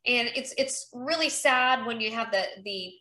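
A woman's voice: on the high side, unhurried, sharp tone. A woman running for Congress, talking in an upbeat, chatty way in a casual interview. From North Carolina. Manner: upbeat and chatty, acts out quoted conversations. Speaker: congressional candidate. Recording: roomy echo.

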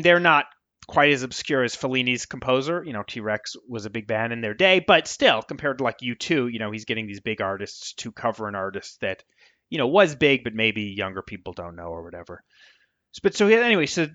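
A man's voice: mid-range voice, expressive, brisk, a bit bright, dry recording. Digressive American man, dull dry sound. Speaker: author guest. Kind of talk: casual interview.

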